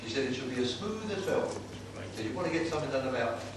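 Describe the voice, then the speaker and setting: A man's voice: medium pitch, lively intonation, lightly acted. A man doing a cheeky old-time music-hall comic. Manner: brisk patter, lots of "I said, he said". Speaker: tribute act comedian. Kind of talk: live stand-up with saucy gags. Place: live venue with an audience. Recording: roomy and distant with loud noise.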